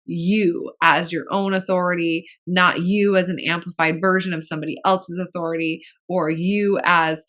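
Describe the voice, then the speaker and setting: A woman's voice: fairly low pitch, level tone, moderate pace, few pauses, a bit bright. A pregnant woman co-hosting a podcast, talking in a frank, chatty way and swearing casually. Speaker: podcast co-host.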